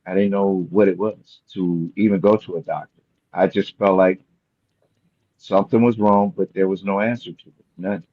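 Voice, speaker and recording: Middle-aged male guest, reflective and sincere, very deep voice, remote call sound that is muffled and dry. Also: steady tone, normal speed, no echo. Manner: earnest, reflective storytelling. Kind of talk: casual chat. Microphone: remote video call. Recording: dull lo-fi call audio, dry.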